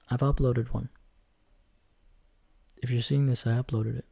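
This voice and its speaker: A man's voice: medium pitch, level tone, measured pace, creaky, warm tone. A man in his twenties talking through a casual solo podcast, rambling and chatty, joking as he goes and correcting himself. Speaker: podcast host.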